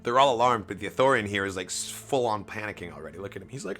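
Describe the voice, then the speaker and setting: Animated man chatting over comics. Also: lowish voice, fast, faint music behind. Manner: animated, swears casually, laughs often. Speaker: streamer reading comics aloud. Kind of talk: casual comic read-along commentary.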